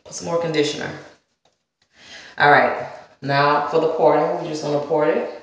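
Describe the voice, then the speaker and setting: In a muffled recording with a little hiss or hum, a low-pitched Southern woman speaks at a moderate pace with little pitch movement. She rambles casually through her hair-care vlog, chatting straight to viewers and calling them "y'all" and "girl," all in a very echoey room.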